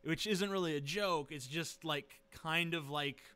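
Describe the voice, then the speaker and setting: A man's voice: fairly high pitch, unhurried, bright, forceful tone, clean tone. A man vlogging from his living room into a webcam, sarcastic and profane, rambling with lots of fillers. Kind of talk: casual webcam rant.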